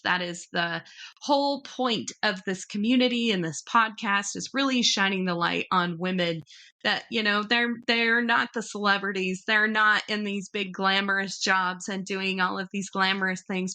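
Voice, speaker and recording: A woman hosts a podcast with a bright, forceful voice and effusive, gushing manner. She strings thoughts together loosely in casual conversation, pitched in a middle range. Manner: warm-hearted, effusive, gushing thanks. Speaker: podcast host.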